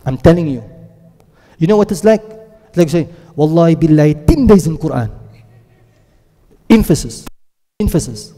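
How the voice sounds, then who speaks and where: A high-pitched, mellow-voiced man lectures on the Quran and Arabic grammar, his words carrying the long echo of a lecture hall. Again and again he questions the class and has words drilled out loud.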